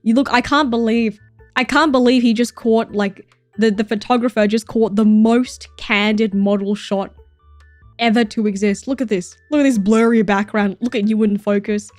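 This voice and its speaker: Female streamer, 30s, a touch high-pitched, dry close mic, foul-mouthed and effusive when reacting to fans. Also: fairly even intonation, normal speed, a little mellow, dry recording, soft background music. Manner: gushing and swearing, mock-jealous outbursts, frequent laughs. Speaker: streamer reacting to viewer submissions. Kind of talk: casual livestream chat.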